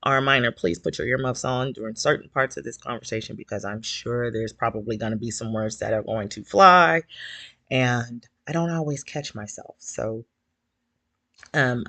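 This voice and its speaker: A man's voice: medium pitch, pushed and bright, dry recording. Nervous man with a shaky voice, ums a lot. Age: older adult. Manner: hesitant, many ums, says he is nervous. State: shaky voice from nerves. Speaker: host of a fan support livestream. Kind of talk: casual livestream talk. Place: at home on a couch.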